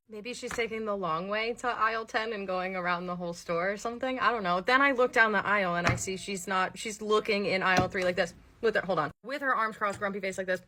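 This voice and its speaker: Bright, chatty woman telling a story. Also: mid-range voice, fast, hardly any pauses. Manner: animated, chatty, laughing often. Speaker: comedy storyteller, former cashier. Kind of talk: comedic storytime skit.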